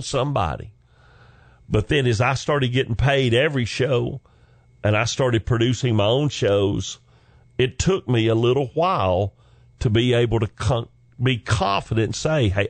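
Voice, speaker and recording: A man's voice: mid-range voice, no echo. A middle-aged man, a comedian and former pastor, telling stories in a folksy, joking way with asides to the listener. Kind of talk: storytelling talk.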